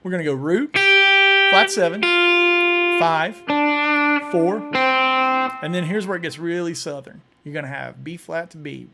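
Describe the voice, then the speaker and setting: A man's voice: on the high side, measured pace, creaky, long pauses. A man hosting a casual live stream, chatting loosely and often restarting his words while he demonstrates on guitar. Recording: guitar playing in the background.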